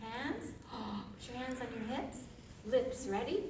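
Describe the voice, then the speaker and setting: A woman's voice: a little high, expressive, takes it slowly. Playful laughing woman in an echoey room. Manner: playful, laughs often, chants gibberish sounds. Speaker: laughter yoga instructor. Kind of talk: live group demonstration. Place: large room with an audience. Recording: echoey room from far off, noisy.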